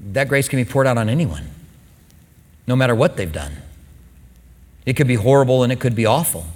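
Emphatic male pastor in a reverberant hall. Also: mid-range voice. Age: middle-aged. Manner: emphatic, swings from loud stresses to soft asides. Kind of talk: sermon.

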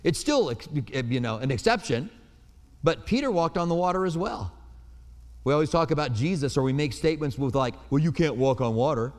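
A man's voice: fairly high pitch, animated, a little fast. Guy preaching a sermon, telling stories from his life, echoey church hall sound. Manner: earnest, storytelling preacher with personal anecdotes. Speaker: pastor. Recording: reverberant hall.

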